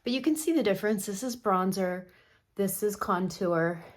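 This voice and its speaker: A woman's voice: medium pitch, normal speed. Chatty middle-aged woman. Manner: chatty, opinionated, talks while applying makeup. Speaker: makeup artist. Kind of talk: casual makeup tutorial.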